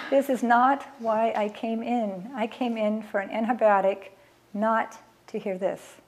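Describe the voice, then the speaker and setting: A woman's voice: fairly high pitch, measured pace, a little mellow. Earnest middle-aged woman telling a personal story. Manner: emotional, earnest, acts out past conversations. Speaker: mother telling her family's story.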